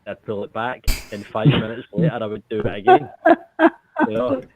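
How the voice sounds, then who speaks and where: A man from the UK calling in, telling a story in a casual, animated way with plenty of swearing. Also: on the low side, normal speed, creaky. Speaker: caller. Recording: phone-line audio.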